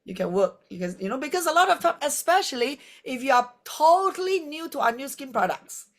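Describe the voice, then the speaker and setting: A woman's voice: high voice, sing-song, brisk. A woman who presents skincare products in a live demonstration. She talks in a chatty, rambling way full of fillers.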